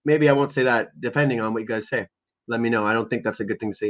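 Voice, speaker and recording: A man's voice: mid-range voice, quick pace, fairly bright tone. A man ranting crudely and rambling on a casual livestream while stoned, as he sets up prank calls. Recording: lo-fi muffled recording.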